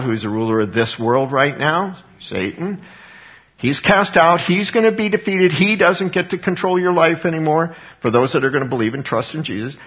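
A man's voice: a little high, normal speed. A man giving an informal sermon as a Bible teacher, talking conversationally, chuckling often and acting out scripture quotes dramatically. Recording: dull lo-fi recording.

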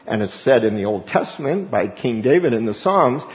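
A male pastor delivers an animated sermon and slips into voices for the people in the scripture, jumping up in pitch as he does. His voice rings out with a long reverb in a large hall. The sound is dull and muffled. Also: normal speed. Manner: animated preaching, acts out scripture voices with sudden rises in pitch.

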